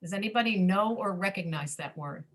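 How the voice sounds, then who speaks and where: A woman with an American accent leads an online pronunciation lesson. She says example words again and again, slowing down to model stressed and reduced syllables. Her manner is patient and encouraging. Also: mid-range voice. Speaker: pronunciation teacher. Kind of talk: online English class teaching.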